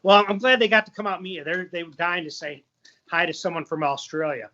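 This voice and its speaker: A man's voice: high-pitched, steady tone, quick pace, sharp tone, highs cut off. A man hosting a casual interview, easygoing and plain-spoken. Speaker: host.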